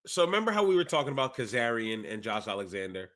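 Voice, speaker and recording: A man co-hosting a casual wrestling podcast, animated and telling stories while sick. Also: mid-range voice, fast. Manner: animated storyteller, acts out quotes. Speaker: podcast co-host. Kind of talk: casual chat.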